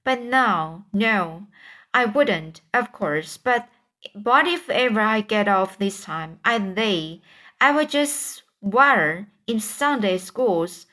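A woman's voice: mid-range voice, animated, slow pace, bright, forceful tone. A woman voicing Tom, a frightened young boy who whispers urgently in a storybook reading.

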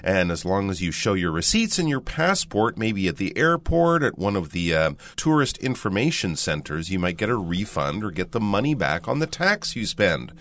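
Lively low-voiced man co-hosting. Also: normal speed, hardly any pauses. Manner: upbeat, animated, often agrees. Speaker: English teacher and co-host. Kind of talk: radio English lesson.

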